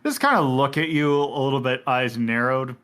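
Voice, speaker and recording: A man's voice: mid-range voice, moderate pace, a bit bright. A man narrating as game master of a tabletop game in a loose, rambling way. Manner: loose, rambling, lots of "kinda".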